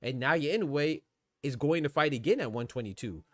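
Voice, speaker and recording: A man's voice: a little high, expressive, moderate pace, a bit bright, dry recording. A man hosting a live boxing podcast, arguing his point in a rambling, insistent way and reading out chat comments. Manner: argumentative, rambling, repeats "man".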